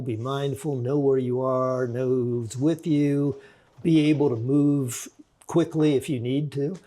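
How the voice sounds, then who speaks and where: A man in his sixties, an author and forensic psychologist, telling a story in a measured, reflective way with frequent restarts during a podcast interview. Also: on the high side, darkish tone.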